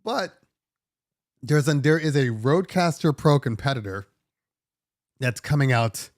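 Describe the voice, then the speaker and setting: A middle-aged man, host of a DJ podcast, spins a casual story in an animated, fed-up way and swears freely. His voice sits at a medium pitch, and the recording is dry with no room echo. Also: a little slow.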